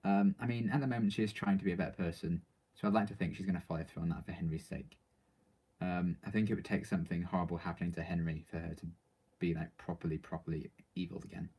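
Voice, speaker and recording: Guy on a livestream answering viewer questions, deep mellow voice, lots of ums. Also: steady tone, fast, slightly rough. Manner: rambling, with many ums and likes. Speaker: vlogger reading viewer questions. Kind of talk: casual live-stream chat.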